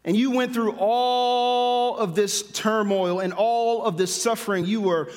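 An emphatic male preacher with a fairly high voice, driving his points home by repeating them. His sermon rings out with a long reverb, as in a large hall or church. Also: fairly even intonation, a little slow, a little mellow. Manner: emphatic, repeats phrases for stress.

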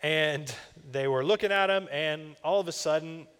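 A man's voice: fairly high pitch, normal speed, a bit bright, clear, resonant tone. A young man, a campus minister, preaching a sermon in a conversational, storytelling way. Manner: conversational, personal storytelling with asides. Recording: long reverb of a large church hall.

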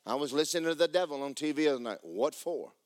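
A pastor preaching in church, his voice sitting fairly high for a man and swinging widely up and down. He hammers his points home with emphatic, homespun humor. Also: animated, fast, no echo. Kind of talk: sermon. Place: church sanctuary.

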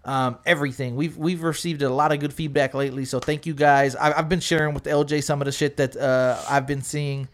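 A man hosting a podcast in casual banter, loud and joking with lots of swearing. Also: on the high side, flat delivery, fairly quick, hardly any pauses. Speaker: podcast host.

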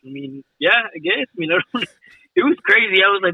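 A man's voice: sits high, quick pace, husky, no echo, phone-quality sound. A man telling a rowdy story in casual chat, laughing and swearing, after a few drinks. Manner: laughing, swearing, animated retelling. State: has been drinking.

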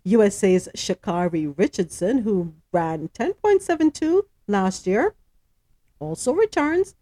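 Woman, news podcast host, lively pitch, chatty asides, dry close recording. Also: unhurried, dry recording. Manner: chatty, asks co-hosts questions, stumbles over names. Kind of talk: casual news reading with commentary.

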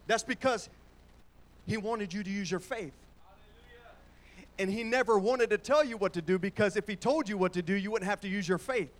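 A man's voice: sits high, moderate pace, pauses often. A man preaching a sermon in a church, moving between casual storytelling and call-and-response with the congregation, using colloquial phrasing. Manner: conversational, with Southern-style colloquial phrasing.

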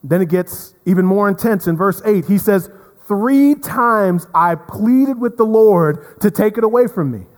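A man preaching a sermon as pastor, earnest, repeating words and swinging from emphatic to hushed. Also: sits high, expressive, unhurried, few pauses. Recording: long reverb of a hall.

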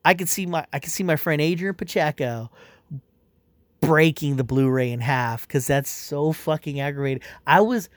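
A man's voice: a little high, normal speed, dry recording, studio quality. A man ranting casually as a comic fan, swearing often and rambling with exasperation. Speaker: comic fan reviewing a movie. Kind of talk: casual rant.

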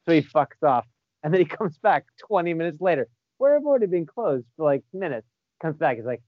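A man's voice: fairly high pitch, animated, quick pace, no echo, dull audio. A man and former bar back telling bar stories in casual chat, swearing often and laughing through them. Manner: profane, laughing storyteller.

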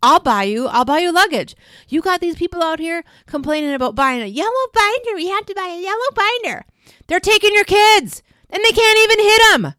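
A woman voicing a loud woman shopper who rants and mocks complaining parents. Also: very high voice, big pitch swings, a little fast, dry recording, studio quality, voice pushed up, heavily acted. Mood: ranting. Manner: shouting, mocking rant.

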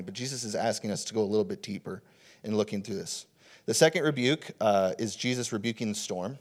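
A man's voice: on the low side, darkish tone. Young man, casual sermon voice, chatty and informal, full of "uh" and "like". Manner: conversational, casual preaching with many fillers. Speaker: preacher.

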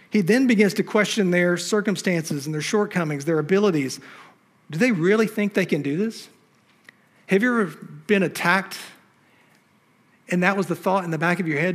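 A pastor preaching a sermon on a church stage, emphatic and fond of rhetorical questions to the congregation. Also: male voice, high voice, normal speed, a bit bright.

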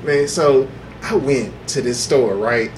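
A man's voice: medium pitch, takes it slowly, a little hiss or hum, pitched below the performer's own voice, natural voice. A man mimicking a chatty young woman who rambles through a story about a purse, full of fillers. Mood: rambling.

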